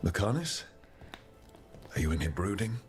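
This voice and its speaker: A teasing, flirty game hero. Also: male voice, on the low side, very animated, normal speed. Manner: playful, flirtatious. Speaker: player character. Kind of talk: video game dialogue. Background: game music.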